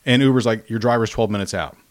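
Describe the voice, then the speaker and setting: A man hosting a livestream from home, telling a rambling story with animated, acted-out quotes in casual chat. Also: fairly low pitch, quick pace. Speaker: livestream host. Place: home, spare bathroom.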